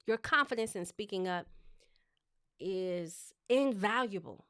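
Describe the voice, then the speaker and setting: Lively woman speech coach, smooth voice. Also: mid-range voice, dry recording, studio quality. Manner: lively, expressive, conversational. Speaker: speech coach hosting a live show. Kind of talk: live coaching talk.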